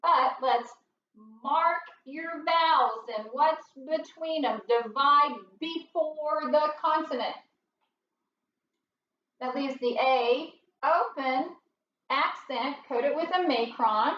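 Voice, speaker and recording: A woman teaching a phonics lesson, sounding out words slowly and patiently for young learners. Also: high-pitched, roomy sound, far from the mic, lo-fi sound.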